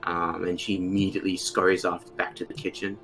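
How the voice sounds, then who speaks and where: A man narrating as game master, with halting, filler-heavy delivery. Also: low voice, level tone, fairly bright tone, soft background music.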